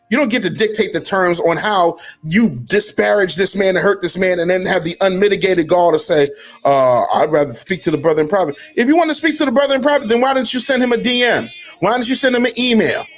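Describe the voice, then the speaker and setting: A man delivering a heated, profane commentary, mocking his target and swinging from low mutters to shouted taunts. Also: a little fast, faint music behind. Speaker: commentary host. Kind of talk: heated social media commentary.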